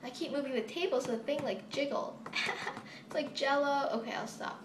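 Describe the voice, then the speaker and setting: A woman's voice: high-pitched, moderate pace. A young woman from the United States chatting casually through a Q&A vlog, rambling with giggly asides, filmed on a phone propped on a table. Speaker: model horse YouTuber. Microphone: phone camera propped on a table. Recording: echoey room, faint background hiss.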